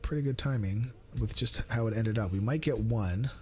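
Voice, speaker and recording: A man's voice: mid-range voice, normal speed, a little hiss or hum. A man live-streaming a game in casual chat, thinking aloud, mumbling asides and teasing himself. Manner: self-mocking and playful.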